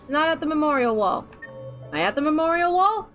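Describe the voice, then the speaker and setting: A woman streaming a video game, chatting and joking into a desk microphone and swearing freely. Her voice sits high, with a little music in the background. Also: expressive, brisk, fairly bright tone. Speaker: gaming streamer. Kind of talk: let's play commentary.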